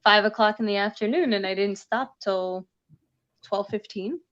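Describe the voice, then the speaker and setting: A woman's voice: medium pitch, normal speed, a bit bright. Chatty woman comedian, lo-fi audio. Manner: chatty, lots of fillers. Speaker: comedian guest. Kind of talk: casual conversation.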